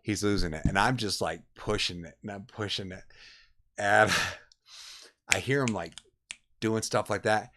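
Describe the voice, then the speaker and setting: Streamer, middle-aged guy, lowish voice, acts out the voices in his story. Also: a little slow, pauses often, a little hiss or hum. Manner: animated, acts out voices, says man a lot. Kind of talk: casual storytelling while streaming a game.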